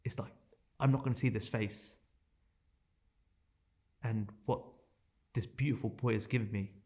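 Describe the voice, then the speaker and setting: A man's voice: on the low side, fairly even intonation, unhurried, mellow. A man in his thirties, a podcast guest telling a painful personal story in a raw, intense way, swearing and repeating phrases for emphasis.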